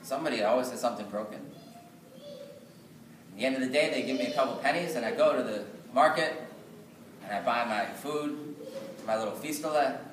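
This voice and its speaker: A male storyteller telling a folk tale aloud at a live synagogue gathering, lively and rhythmic with repeated phrases. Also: medium pitch, brisk. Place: synagogue event. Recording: echoey hall from far off, noisy.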